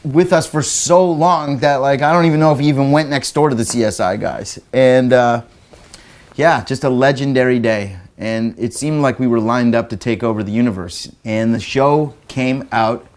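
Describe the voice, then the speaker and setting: A man telling an anecdote in an interview, at an ordinary mid pitch for a man. He rambles with constant fillers and breaks into laughter, and raises his voice when he acts out what other people said. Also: moderate pace, darkish tone. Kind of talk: anecdotal storytelling.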